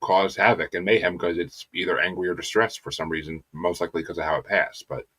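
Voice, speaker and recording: A man's voice: low voice, fairly even intonation, fast, pushed and bright. A man hosting an interview, chatting casually and eagerly agreeing, while hedging his own opinions. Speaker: podcast host.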